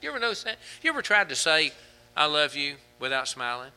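A man preaching a sermon, asking the congregation rhetorical questions and telling humorous stories, often building to fervent, louder passages. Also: a little high, sing-song, fairly quick, smooth. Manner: humorous anecdotes with fillers.

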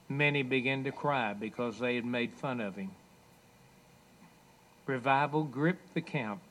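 A man preaching a sermon, emphatic, with loud raised passages and soft drops. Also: medium pitch.

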